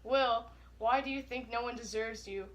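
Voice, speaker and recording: Bright-voiced young woman reading aloud. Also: fairly high pitch. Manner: flat, hurried reading broken by giggles. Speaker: co-host. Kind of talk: reading fan fiction aloud for laughs.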